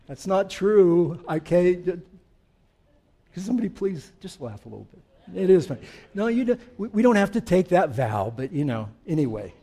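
A man with a high, light voice preaches in a church sanctuary. He talks with his congregation in joking asides, then moves between soft reflection and firm, emphatic statements. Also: sing-song, normal speed, slightly rough. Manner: swings from quiet reflection to emphatic declarations. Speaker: pastor. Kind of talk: sermon.

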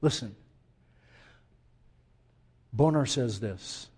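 A man's voice: mid-range voice, extremely slow, slightly rough. Impassioned middle-aged male pastor preaching. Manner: impassioned, swings from loud urging to hushed intensity. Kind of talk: sermon.

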